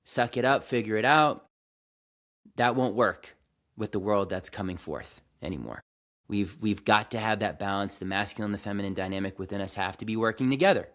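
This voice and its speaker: A man hosting a reflective spiritual monologue, earnest and slow, speaking in a calming way with frequent restarts and some casual swearing. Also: on the low side. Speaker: host.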